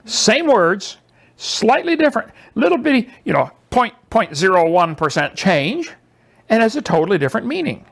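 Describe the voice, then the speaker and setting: High, lively sarcastic male lecturer. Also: moderate pace, creaky. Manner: sarcastic, mocking; animated, emphatic delivery. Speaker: presenter. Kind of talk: lecture to a small audience.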